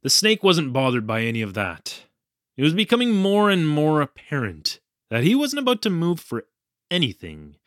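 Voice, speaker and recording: An actor with a fairly high, slightly bright voice plays a flustered young male English teacher in Japan, recounting his ordeal with wry self-deprecation. His pitch swings hugely at a moderate pace in this audio drama narration, recorded at studio quality with no echo.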